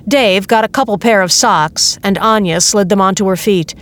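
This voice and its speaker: A woman reading a novel aloud as narrator, in a steady, measured way. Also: mid-range voice. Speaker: audiobook narrator. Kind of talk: scripted narration.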